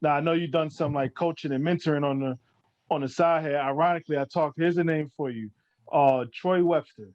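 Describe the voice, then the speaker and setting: A man's voice: on the high side, steady tone, a little fast. A man hosting an interview podcast, chatting casually with easygoing asides. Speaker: podcast host. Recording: dull lo-fi call audio.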